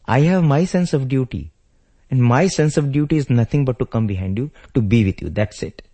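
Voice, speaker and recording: A man's voice: lowish voice, normal speed, dark tone. A man voicing a devoted young prince brother who speaks earnestly and emphatically while telling a story in a spiritual discourse. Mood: resolute.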